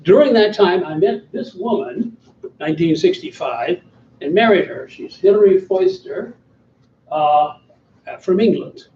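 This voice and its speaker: Speaking a little slowly in a high-pitched voice with lively intonation, a Southern man in his 70s from Alabama is the guest speaker at a banquet-hall dinner, using slides and wry humor at his own expense. The sound is distant, muffled, and echoey, with a little hiss or hum.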